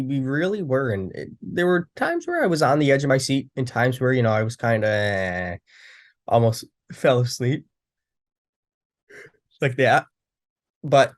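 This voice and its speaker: A young man casually recapping a wrestling show, rambling with frequent restarts and fillers. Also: medium pitch.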